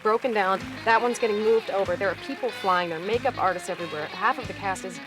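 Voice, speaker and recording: A comedy cast member briskly describing the chaos of live television. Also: female voice, medium pitch, music in the background.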